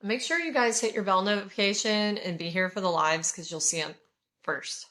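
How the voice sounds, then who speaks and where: A woman in her forties from California chats casually to her viewers, gushing as she reviews scented products. Her voice is bright and forward at a middle pitch. She talks in an effusive, conversational way. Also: normal speed. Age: 40s. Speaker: haul vlogger.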